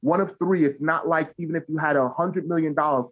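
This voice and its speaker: Guy on a podcast, kinda high voice, keeps stumbling on words, muffled lo-fi audio. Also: steady tone. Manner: halting, many repeated words and fillers. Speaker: guest. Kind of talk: casual podcast interview. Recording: dull lo-fi sound.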